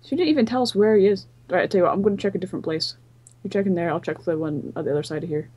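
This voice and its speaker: Young Scottish woman, husky, chatty let's-play co-host. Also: lowish voice, very fast, a little mellow, dry recording. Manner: chatty, planning moves aloud. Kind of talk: casual gaming chat.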